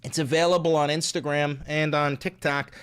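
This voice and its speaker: A man's voice: on the high side, little pitch movement, normal speed, fairly bright tone, smooth. A man hosting a casual livestream, reading viewer comments and joking and swearing between bits of silly voices. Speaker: livestream host.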